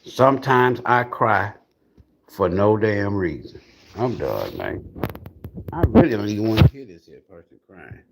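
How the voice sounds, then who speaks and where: A man's voice: fairly low pitch, very animated, unhurried, gravelly, noisy background. A man giving a casual livestream tarot reading in a blunt, profane, mocking way. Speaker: tarot reader.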